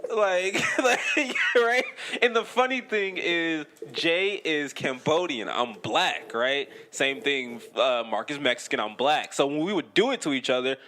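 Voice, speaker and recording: A man's voice: on the high side, animated, measured pace, few pauses, sharp tone. A young man co-hosting a podcast, telling a story in casual chat, swearing freely, laughing often and tagging his sentences with "right?". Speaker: podcast co-host.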